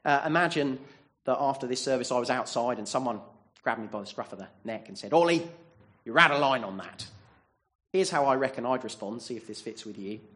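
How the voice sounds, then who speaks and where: A man's voice: medium pitch, quick pace. A man preaching a sermon in a church, earnest and asking the congregation many rhetorical questions.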